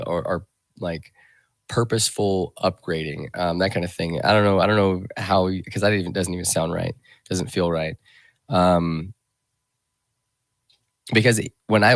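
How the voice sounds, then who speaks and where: A man hosting a radio talk show, speaking reflectively in a rambling, halting way full of restarts and fillers. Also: sits low, no room sound.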